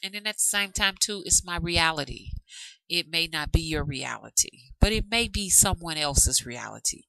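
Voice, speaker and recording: Talking casually to camera, the Alabama-born channel host drifts from topic to topic in her Southern drawl, calling her audience "y'all" and "love." Her voice sits on the low side, expressive and gravelly, pushed and bright, at a normal speed. There's no echo, though the audio is poor.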